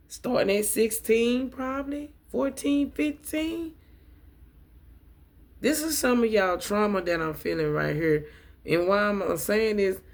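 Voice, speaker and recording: A woman giving a tarot reading to her viewers, emotional and repeating affirmations as she speaks to them directly. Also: medium pitch. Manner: addresses viewers as y'all. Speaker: tarot reader and coach.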